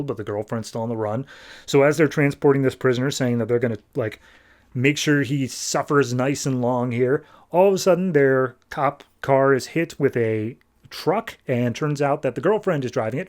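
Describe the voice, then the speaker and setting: A man hosting a podcast, casually recapping a comic issue with quick asides and lots of fillers. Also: mid-range voice, darkish tone. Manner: chatty, quick asides, frequent "like". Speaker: podcast host.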